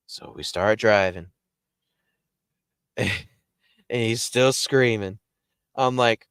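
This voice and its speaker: A man casually telling a paranormal story as the show's host, animated and jumping up in pitch when he acts out quotes. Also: slow pace, long pauses, clear, resonant tone, no room sound, clean studio sound. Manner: animated, jumps high when acting out quotes.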